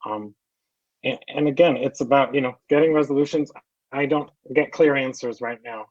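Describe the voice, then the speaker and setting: Earnest, frustrated man, halting delivery; muffled dry online-meeting sound. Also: mid-range voice, dry recording. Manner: earnest, frustrated, hesitant with fillers. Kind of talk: meeting remarks.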